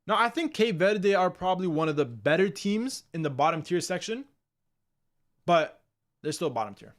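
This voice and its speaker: A man's voice: sits high, expressive, normal speed. A young man casually hosting a live football ranking stream, chatting loosely and reacting to viewers' comments with slang. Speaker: livestream host.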